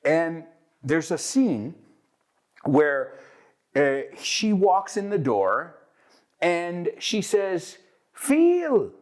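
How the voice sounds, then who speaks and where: A man's voice: a little high, animated, extremely slow, long pauses. A man hosting a bilingual English lesson, explaining with lots of energy and acting out example lines, switching between English and Spanish. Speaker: English teacher and host.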